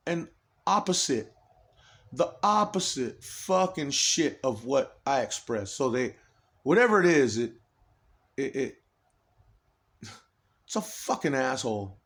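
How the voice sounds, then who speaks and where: A man's voice: mid-range voice, sing-song, slow, long pauses, fairly bright tone. A man in an agitated, rambling personal monologue, swearing heavily and restarting his sentences often.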